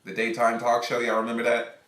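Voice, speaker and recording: A man streaming live, telling a rambling, animated story in casual, profane chat. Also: mid-range voice, a little fast, echoey room. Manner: rambling, animated, laughs often.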